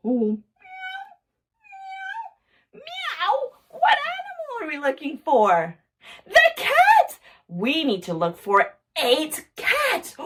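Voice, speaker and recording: A woman's voice: high-pitched, a bit bright. A woman hosting a toddler counting lesson, talking in an exaggerated sing-song way with gasps and cheers. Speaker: children's educational video host.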